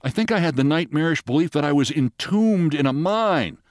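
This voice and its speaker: A man hosting a podcast, reading a short story aloud in a lively storytelling manner. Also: moderate pace, no room sound, clean studio sound. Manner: lively storytelling, jumps high for quoted shouts. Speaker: podcast host.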